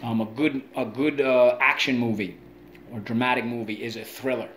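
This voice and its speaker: A man teaching an online spelling lesson for kids, drilling words with call-and-repeat chants and leaping into playful high asides. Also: fairly even intonation, moderate pace, a bit bright, slight background noise.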